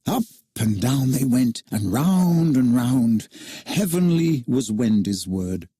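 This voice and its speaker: Man reading a kids story out loud, kinda husky, lots of expression in the voice. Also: mid-range voice, slow, no echo. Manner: expressive, animated narration.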